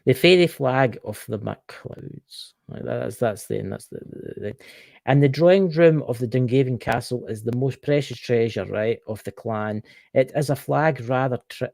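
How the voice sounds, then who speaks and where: Gravelly Scottish man, dry close mic. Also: medium pitch, moderate pace, a little mellow, no room sound. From Scotland. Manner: stumbling, jokey, exclaims in mock outrage. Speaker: live stream co-host. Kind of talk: casual chat reading history aloud.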